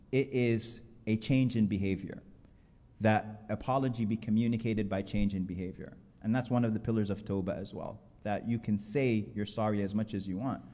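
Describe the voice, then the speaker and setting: A man's voice: lowish voice, mellow. A man preaching a Friday sermon, telling stories with quoted dialogue in an earnest way. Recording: long hall reverb.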